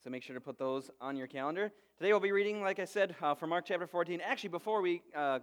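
A man in his thirties, a pastor preaching a sermon and telling stories with lively quoted voices. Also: high voice, quick pace. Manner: storytelling, animated quoted voices.

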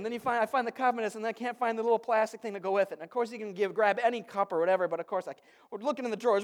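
Male pastor, thirties, light high voice, chatty storytelling sermon. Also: fast. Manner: conversational, storytelling with lively asides.

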